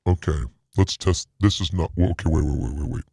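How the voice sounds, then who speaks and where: A streamer testing a pitch-lowering voice changer, doing a deep nerd voice while fumbling with the settings. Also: fairly even intonation, brisk, gravelly, dark tone, breathy edge, no echo, studio quality, full character voice.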